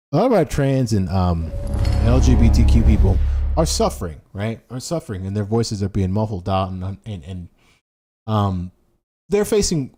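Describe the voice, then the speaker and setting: A man's voice: fairly low pitch, mellow. A man ranting casually about politics, reading headlines aloud, stumbling and restarting, hammering points with repetition. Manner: stumbling over words, many restarts; emphatic, repeats phrases for effect. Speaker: political commentary streamer.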